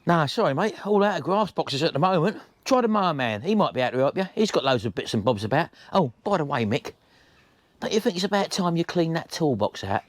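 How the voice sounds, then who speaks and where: A man's voice: fairly high pitch, animated, fairly quick, dry recording. A man on a comic phone call, cheerful and teasing.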